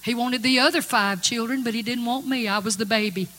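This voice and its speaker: A woman's voice: on the high side, fairly quick, sharp tone. A woman giving earnest, folksy spoken testimony to a congregation in a hall. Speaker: gospel singer giving testimony. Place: church or conference hall. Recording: long-reverb hall with music.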